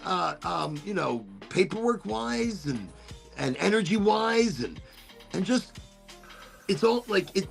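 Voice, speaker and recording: A man's voice: high-pitched, big pitch swings, slow pace, gravelly, soft background music. A man hosting a casual chat, rambling and swearing easily as he talks about holidays and family. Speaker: host.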